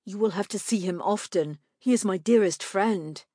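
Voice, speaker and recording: A woman's voice: medium pitch, normal speed, warm tone, no echo, studio quality, natural voice. A woman reading aloud, voicing an earnest, well-mannered young boy who speaks formally.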